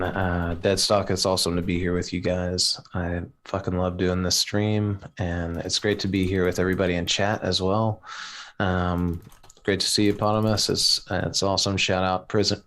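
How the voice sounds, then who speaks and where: Male podcast co-host, deep low voice, casual chat, laid-back, earnest, halting.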